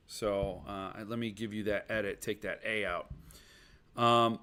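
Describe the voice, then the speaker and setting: A man's voice: medium pitch, unhurried, bright, forceful tone, clean tone. A man hosting a casual live stream, rambling as he reads viewers' chat aloud and answers it with self-deprecating jokes. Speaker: podcast host.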